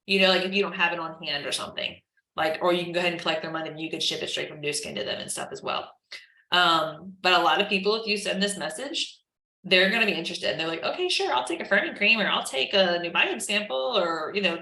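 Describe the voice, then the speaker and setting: A woman's voice: fairly low pitch, sharp tone, roomy sound, poor audio. A woman running a casual live training session, chatty and full of "like", acting out chat messages. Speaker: team trainer.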